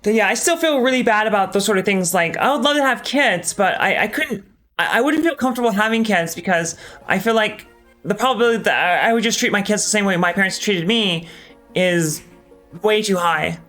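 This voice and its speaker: A man's voice: high voice, fairly quick, sharp tone, faint music behind. Candid, swearing male game streamer. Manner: casual, candid, swears often, hesitant with many ums. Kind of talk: live gameplay commentary.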